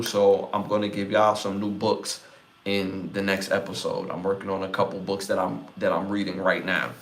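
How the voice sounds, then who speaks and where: A man with a Brooklyn accent hosts a live podcast in a relaxed, chatty way. His voice sits fairly low, and he keeps reading chat comments and shouting out viewers. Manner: laid-back, reads chat comments aloud, gives shout-outs. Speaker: podcast host.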